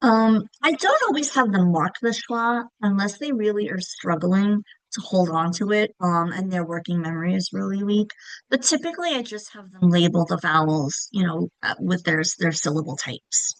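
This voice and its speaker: A woman's voice: mid-range voice, normal speed, no room sound, rough recording. A woman presents a lesson on teaching reading, talking in a casual, friendly-professional way. She stretches and stresses example words to demonstrate, and her voice sits in a medium range. The recording is dry and close, with no room sound. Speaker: literacy teacher trainer. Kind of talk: instructional presentation.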